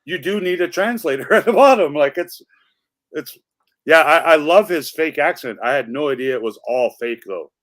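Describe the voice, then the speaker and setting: A man's voice: fairly high pitch, expressive, moderate pace, a bit bright, dry recording. Chatty man rambling on a stream. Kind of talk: casual chat.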